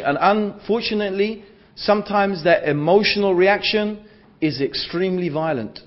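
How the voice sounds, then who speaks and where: A man's voice: sits high, expressive, normal speed. A man giving a religious lecture to an audience, rhetorical and repeating phrases for emphasis. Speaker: Islamic lecturer. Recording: dull lo-fi lecture recording.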